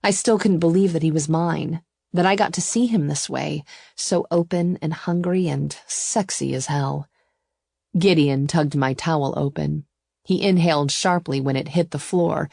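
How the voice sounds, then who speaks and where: A woman narrating a first-person romance audiobook in an even, intimate storytelling voice. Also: low voice, gravelly, dry recording, clean studio sound.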